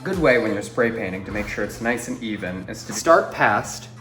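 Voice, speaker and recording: A man's voice: lowish voice, expressive, moderate pace, over music. A man giving casual how-to tips in a home vlog, instructive with a joking edge. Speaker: vlogger. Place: apartment, indoors. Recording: roomy echo.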